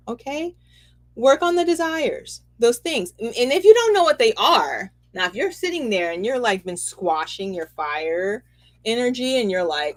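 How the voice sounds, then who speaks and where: A woman giving a casual, animated spiritual reading, chatty and quick to laugh, checking in with "okay?" often. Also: mid-range voice. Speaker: spiritual reader and host.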